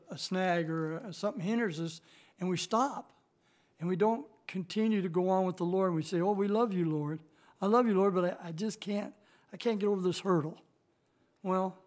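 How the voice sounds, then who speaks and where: A man with a rather high voice leads an informal Bible lesson, talking plainly with frequent restarts and fillers. When he reads verses he slows down and lifts his voice. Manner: reads scripture slowly, rising louder on key verses. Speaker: Bible study teacher.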